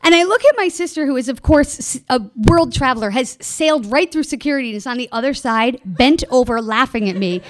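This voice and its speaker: A woman telling a personal travel story in an animated way, laughing and acting out the people she quotes. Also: high-pitched, a little fast, few pauses, a little hiss or hum.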